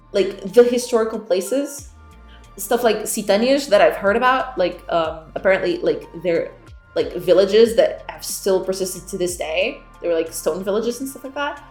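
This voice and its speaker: A woman streamer chats with her viewers and giggles often, her pitch bouncing up and down. She reads chat aloud as she goes. The sound carries a roomy echo, with soft music playing underneath. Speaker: game developer streamer. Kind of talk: casual livestream chat with viewers.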